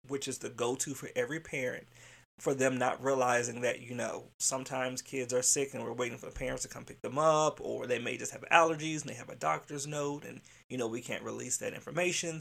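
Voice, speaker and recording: A man who directs childcare centers, telling a workplace story in a candid, animated way, swearing freely and laughing. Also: mid-range voice, creaky. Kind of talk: casual storytelling monologue.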